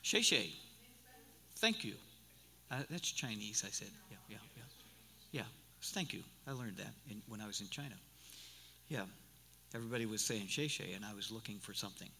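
A man's voice: on the low side, brisk, pushed and bright, a little hiss or hum. A man in his sixties preaching a sermon as pastor, folksy and rambling, often restarting his sentences. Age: 60s. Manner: folksy and rambling, with many repeated starts. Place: church sanctuary. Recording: live church recording with long hall reverb.

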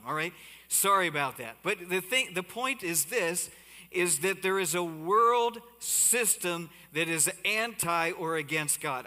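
A man preaching a sermon as pastor on a body mic, animated and given to asides to the congregation. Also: fairly high pitch, long reverb tail. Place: church sanctuary. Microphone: body-worn mic.

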